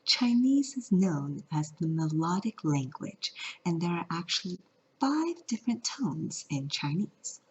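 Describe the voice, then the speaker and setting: Woman, vlog lesson, playful, lively up-and-down pitch, unhurried, dull lo-fi sound. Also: slight background noise. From California. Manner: playful, sings out tones. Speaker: Mandarin teacher. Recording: lo-fi audio.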